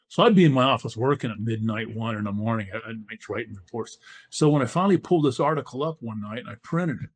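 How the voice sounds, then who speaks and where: On a podcast, an older Californian man who once played football tells his story in a medium-pitched voice, acting out the lines of dialogue he quotes.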